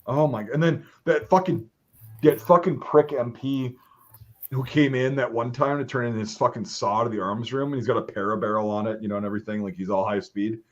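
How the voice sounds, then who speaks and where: Slightly dull lo-fi audio captures a brisk, medium-pitched army veteran co-hosting a podcast; he swears freely and tells war stories with lively, voiced-out quotes in a casual chat.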